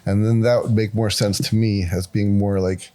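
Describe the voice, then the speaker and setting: A man's voice: lowish voice, normal speed. A man in his forties, a guest tattoo artist, telling stories in casual podcast talk and acting out quotes with a raised voice. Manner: animated, acts out quotes with raised voice.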